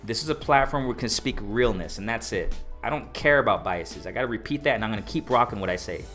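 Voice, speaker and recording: A man hosting a casual boxing livestream, reading chat aloud and repeating himself with excitement. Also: fairly low pitch, fast, soft background music. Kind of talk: casual live-stream commentary.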